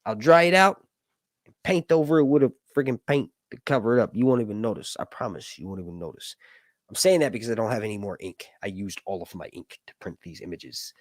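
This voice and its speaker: A man's voice: lowish voice, lively intonation, quick pace, no room sound, studio quality. A man hosting a casual livestream chat, rambling with lots of fillers and jokes. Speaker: host.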